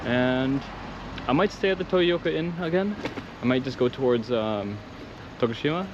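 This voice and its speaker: A man vlogging while traveling, casual and excitable, rambling and swearing. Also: medium pitch, normal speed. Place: outdoors and in temples while traveling. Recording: dull lo-fi audio with clear background noise.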